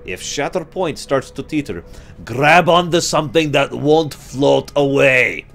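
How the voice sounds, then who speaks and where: A man reading a gruff, blunt dwarf wing commander in a put-on dwarf accent. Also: medium pitch, expressive, measured pace, a bit bright, soft background music, pitched above the performer's own voice. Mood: briskly commanding.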